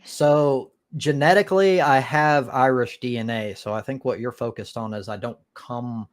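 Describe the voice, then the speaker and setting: A man's voice: mid-range voice, normal speed. A man from the United States hosting a live stream, chatting crudely and rambling with restarts. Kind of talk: casual crude chat.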